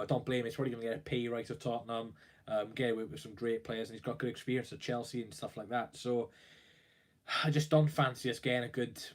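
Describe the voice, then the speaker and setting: Young guy live streaming about his football club, worried and rambly, lots of ums, mid pitch. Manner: worried, rambling, with fillers and restarts. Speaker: football fan livestreamer. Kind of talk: casual live-stream commentary.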